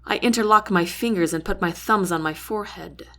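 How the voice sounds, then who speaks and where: A woman narrating a first-person novel aloud, giving each character a voice of their own. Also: fairly quick. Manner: lively, shifts pitch and loudness for each character. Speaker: audiobook reader.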